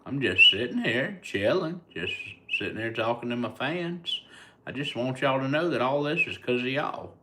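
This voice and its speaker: A man's voice: medium pitch, animated, moderate pace, noisy background. A man with a Southern US accent, a comedian casually chatting live with his fans and answering their comments in a laid-back, rambling way. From United States.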